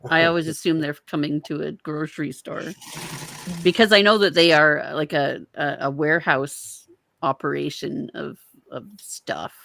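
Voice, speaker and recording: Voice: medium pitch, steady tone, normal speed, gravelly, fairly bright tone. Wry speaker joking in friendly chat. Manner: wry, playful banter. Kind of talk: casual chat.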